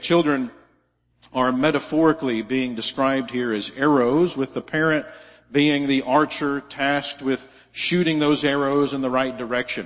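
A man's voice: mid-range voice, moderate pace. Conversational male preacher in a hall. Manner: conversational, with asides and rhetorical questions. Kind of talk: sermon.

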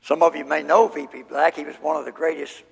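A high-pitched man with a gravelly edge preaches at a slow, deliberate pace. His emphatic exposition of scripture rings with long hall reverb. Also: fairly even intonation. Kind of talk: sermon.

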